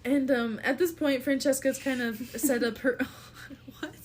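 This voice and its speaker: A woman's voice: sits high, steady tone, measured pace. A woman narrating a tabletop game as game master, giggly and full of fillers.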